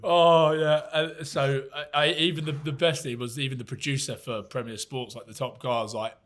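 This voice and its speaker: A man co-hosting a casual podcast chat, telling a story in a lively, laughing way and swearing freely. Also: medium pitch, moderate pace. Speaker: podcast co-host.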